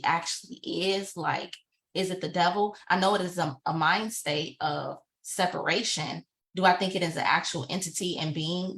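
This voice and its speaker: A woman's voice: fairly low pitch, a bit bright. A young woman from Chicago, a yoga and spiritual teacher, giving a casual live-stream talk in a chatty, informal way. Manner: chatty and informal, addresses viewers as "y'all".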